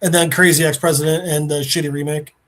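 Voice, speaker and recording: A podcast host with a fairly high, quick voice animatedly retells a funny story in casual conversation. He acts out the characters' lines as he goes.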